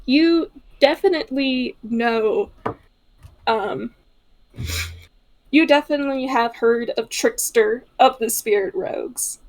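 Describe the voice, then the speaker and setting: A woman's voice: on the high side, takes it slowly, pauses often. A woman narrating her character in a casual tabletop role-play, hesitant and full of fillers.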